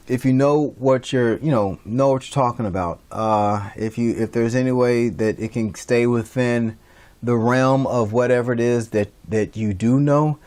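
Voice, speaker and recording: A man's voice: medium pitch, a little mellow. A man giving a recorded online lecture as an instructor, talking casually with many fillers and restarts.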